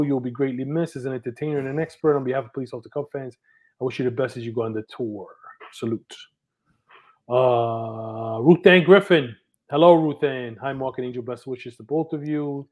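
A man's voice: medium pitch, a little mellow. Man reading out live chat messages. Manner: upbeat, reads names with a lift. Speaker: podcast co-host.

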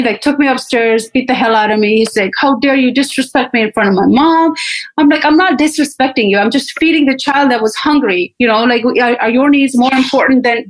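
A young woman from Pakistan telling her personal story in an interview, candid and animated, acting out what people said. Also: a little high, poor audio. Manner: candid, animated, acts out quotes. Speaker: interview guest.

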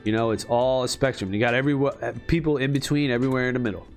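A man's voice: mid-range voice, steady tone, fast talker, soft background music. A man ranting casually in a profane, rambling, emphatic way. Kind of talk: casual rant.

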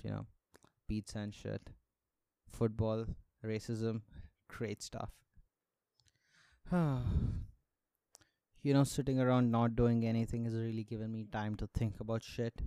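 A man's voice: lowish voice, normal speed, pauses often, dark tone, clear, resonant tone, no room sound. A young man hosting a solo podcast, ranting sarcastically with plenty of swearing and frequent laughter. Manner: sarcastic, profane, laughs often. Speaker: podcast host. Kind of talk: casual solo podcast rant.

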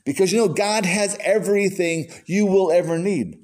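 Folksy, animated preacher man. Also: high voice, moderate pace. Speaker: pastor. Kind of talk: sermon.

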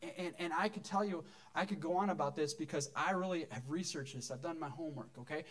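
High-voiced pastor preaching conversationally. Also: male voice, quick pace, a bit bright. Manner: conversational, jokes with the congregation. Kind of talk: sermon. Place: church.

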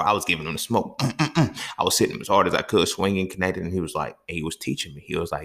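Deep, gravelly man telling stories. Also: quick pace. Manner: profane, streetwise, animated storytelling. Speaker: podcast host. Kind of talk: casual monologue storytelling.

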